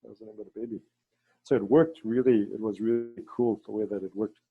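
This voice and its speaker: A man leading a ceremony, telling stories in a halting way with many fillers and restarts, over a video call. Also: fairly even intonation, slightly rough, no room sound, narrow, tinny audio. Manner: halting, with many fillers and restarts, voices quoted people in a higher pitch. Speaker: ceremony leader and storyteller. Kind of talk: storytelling talk on a video call.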